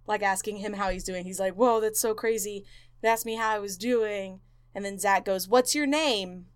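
A woman's voice: medium pitch, normal speed, smooth. A woman co-hosting a podcast, casually retelling a haunted-place story with lots of fillers and acted-out quotes. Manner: animated retelling, acts out quotes, many fillers. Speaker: podcast co-host.

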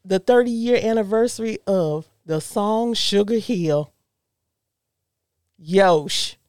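A woman's voice: medium pitch, takes it slowly, clear, resonant tone, dry recording, clean studio sound. A woman co-hosting a podcast, telling stories in a casual, slangy way. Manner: animated storytelling, slangy. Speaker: podcast co-host. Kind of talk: casual chat.

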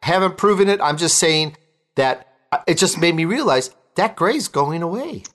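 A male host interviewing a guest in an enthusiastic, joking, excitable way. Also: a little high, normal speed. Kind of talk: interview, casual chat.

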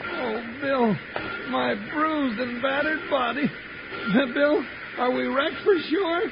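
A bumbling comic sidekick in a 1950s radio western, whining in a very high voice. The old broadcast sounds dull, with a steady hiss behind him. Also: male voice, slow pace, vocal fry, exaggerated voice. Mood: fretful. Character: bumbling comic sidekick Jingles, adult man. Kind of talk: 1950s radio drama acting.

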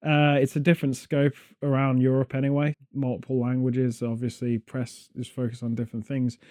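Joking man with a mellow voice. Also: mid-range voice, level tone, normal speed. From Britain. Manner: rambling, joking, sarcastic. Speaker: podcast host. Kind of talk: casual chat.

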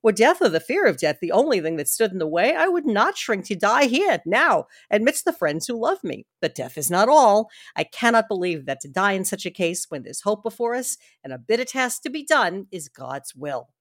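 A woman's voice: medium pitch, very animated, normal speed, hardly any pauses, dry recording, studio quality. A woman reading the part of a devoted, earnest young wife with heartfelt drama. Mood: resolute.

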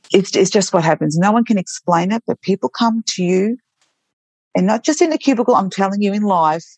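A woman's voice: lowish voice, vocal fry, darkish tone, no echo. A woman who works as a nurse, telling heartfelt stories from her work in an earnest, reflective way with frequent restarts. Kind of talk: reflective storytelling interview.

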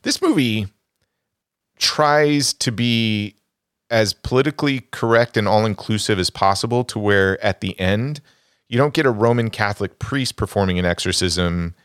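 A lower-pitched man speaks in a dry, close-miked recording. He is a podcast co-host giving blunt, opinionated takes on films in casual chat. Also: normal speed, a bit bright, smooth, no room sound.

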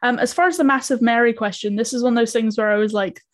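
A woman's voice: fairly high pitch, fast talker, dry recording. Young woman co-host, chatty, laughing a lot, casual podcast chat. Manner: chatty, laughs often, many fillers. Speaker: podcast co-creator.

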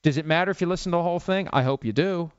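Speaking very fast in a voice on the high side, a man in his fifties hosts his sports radio podcast alone, rambling, opinionated and ready to mock himself. His tone is clean, the audio lo-fi with no room sound.

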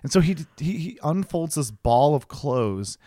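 A man's voice: unhurried, dry recording, studio quality. A man, a caricature artist, telling a story in casual chat, swearing often and acting out the people he quotes. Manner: animated, swears often, acts out quoted people with big pitch jumps.

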